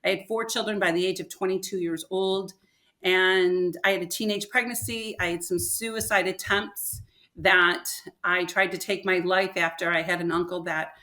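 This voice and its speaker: An older woman, a podcast guest, telling a personal story in an animated way and acting out what people said. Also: lowish voice, moderate pace.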